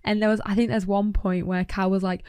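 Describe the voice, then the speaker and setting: A woman's voice: mid-range voice, flat delivery, brisk, a little mellow, smooth, no echo, clean studio sound. A young woman chatting animatedly as a podcast guest, with plenty of fillers. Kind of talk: casual storytelling chat.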